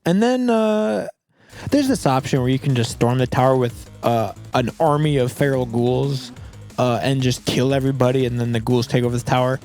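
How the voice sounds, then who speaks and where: A man's voice: medium pitch, normal speed, a little mellow, no room sound, clean studio sound, soft background music. A young man giving casual gameplay commentary, rambling and saying "like" a lot. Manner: rambling, heavy use of "like". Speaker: gaming video creator.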